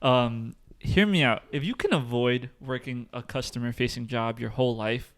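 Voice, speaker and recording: A young man hosting a podcast, telling stories in a slangy, animated way with plenty of swearing. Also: medium pitch, moderate pace. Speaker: podcast host. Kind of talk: casual chat.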